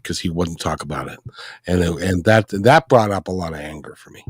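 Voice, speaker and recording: A man hosting a podcast, speaking in a halting, reflective way about a personal memory. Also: sits low, lively intonation, breathy edge, no room sound. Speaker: podcast host. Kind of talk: casual personal conversation.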